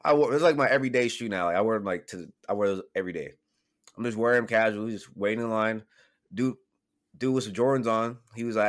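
Fast-talking, low-voiced man telling a story. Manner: animated storytelling, swears freely. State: getting over a cold. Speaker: podcast co-host. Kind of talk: casual chat.

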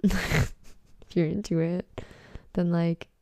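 A woman's voice: fairly low pitch, little pitch movement, slow, darkish tone, no room sound. A teenage girl hosting a casual solo podcast, reading texts aloud in a giggly, blunt way and swearing freely. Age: teens. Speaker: podcast host.

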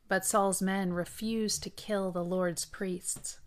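A woman hosting a daily Bible reading, reading scripture in a measured way with brief asides. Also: mid-range voice, fairly even intonation.

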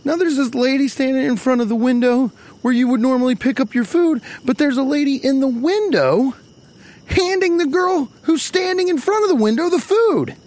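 A man's voice: very high-pitched, moderate pace, darkish tone. A man telling a profane, exasperated comedy story, acting out the people he quotes. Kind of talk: stand-up storytelling.

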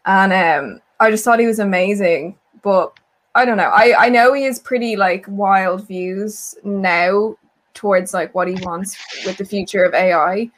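Young woman, mid-pitched, gushing casual chat. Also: a little slow. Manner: enthusiastic, gushing with filler words.

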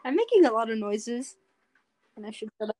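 A woman's voice: on the high side, sing-song, fairly quick, mellow. A young woman co-hosting a casual chat, laid-back, answering briefly and laughing easily. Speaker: podcast co-host.

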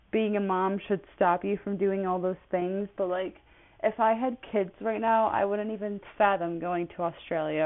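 A woman in her twenties rambling through a casual personal monologue, with many "like" fillers. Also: mid-range voice. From United States. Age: 20s. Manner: rambling, chatty, full of "like" fillers. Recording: tinny phone-like audio.

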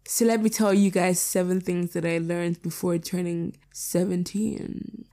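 A young woman in her late teens hosting her own podcast in a candid, casual monologue, rapid and repeating herself for emphasis. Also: lowish voice, dark tone. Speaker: podcast host.

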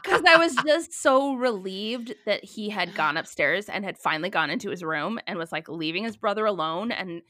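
A woman in her thirties in casual chat, telling a story with lively quoted dialogue. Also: medium pitch, moderate pace, few pauses, dry recording, clean studio sound.

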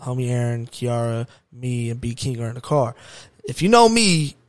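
A young man telling a story in a casual chat, animated and excitable, with heavy slang. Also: mid-range voice, normal speed, smooth, no room sound. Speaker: podcast guest.

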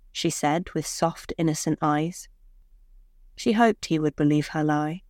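Low-voiced woman narrating a somber story. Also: fairly even intonation, takes it slowly, darkish tone, no echo, clean studio sound.

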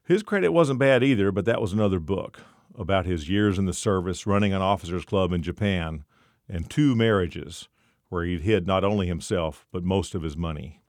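A man narrating a short story in a measured storytelling manner. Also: low voice, dry recording, clean studio sound.

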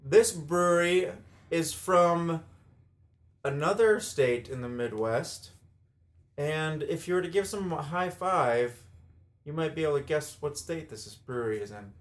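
A man's voice: a little high, expressive, measured pace. A man co-hosting a podcast, chatting casually, rambling and laughing often. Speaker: podcast co-host. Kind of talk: casual chat.

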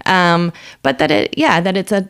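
Gravelly animated woman comedian. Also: moderate pace. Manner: animated storyteller, acts out quotes with big pitch jumps. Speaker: stand-up comedian. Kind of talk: casual podcast chat.

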